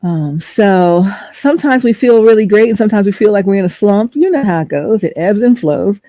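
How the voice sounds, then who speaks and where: Mellow, gravelly-voiced woman telling a story. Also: mid-range voice, animated, brisk, dry recording. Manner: chatty, rambling, searches for words. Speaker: host. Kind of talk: storytelling vlog.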